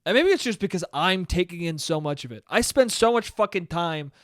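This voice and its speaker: Rambling young man, lively pitch. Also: brisk, dry recording, studio quality. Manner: rambling, sardonic, profane. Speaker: podcast host. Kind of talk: solo comedic podcast monologue.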